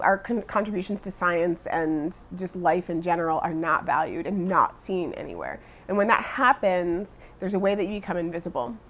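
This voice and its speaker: Woman, middle-aged, low pitch, measured, earnest, emphatic, advocate. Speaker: education advocate. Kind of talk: interview.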